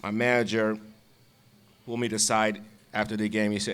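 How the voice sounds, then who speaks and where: A man's voice: lowish voice, little pitch movement, fairly quick, a bit bright, a little hiss or hum. A man, a former ballplayer, casually telling stories with frequent laughs and repeated words. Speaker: guest, former baseball player. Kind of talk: casual storytelling.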